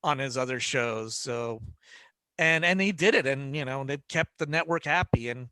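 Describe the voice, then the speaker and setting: A man's voice: mid-range voice, moderate pace, sharp tone, clean tone, no echo. A man on a podcast panel telling rambling stories with many restarts, acting out the lines of the people he quotes. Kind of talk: casual panel chat.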